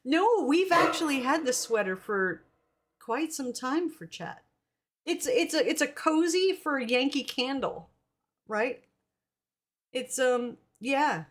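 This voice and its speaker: A woman's voice: high voice, expressive, slow, a little hiss or hum. A young adult woman streamer chatting casually with viewers, bubbly and laughing. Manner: bubbly, laughing, hesitant fillers. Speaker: streamer host. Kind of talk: casual live-stream chat.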